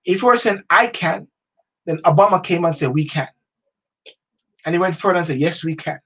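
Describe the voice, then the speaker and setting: A man hosting a talk show, giving a passionate motivational monologue in a preachy way, repeating slogans like chants and swinging from hushed to loud. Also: fairly high pitch, moderate pace, husky.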